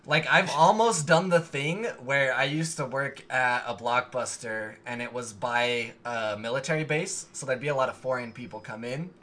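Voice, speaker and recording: A man's voice: mid-range voice, normal speed, few pauses, pushed and bright. A young American man hosting a casual chat, loose and jokey, laughing easily. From United States.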